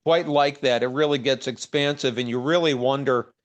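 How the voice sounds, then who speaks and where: A man in the audience asking a curious, somewhat halting question. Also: mid-range voice, dull audio. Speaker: audience member. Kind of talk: asking a question on a video call.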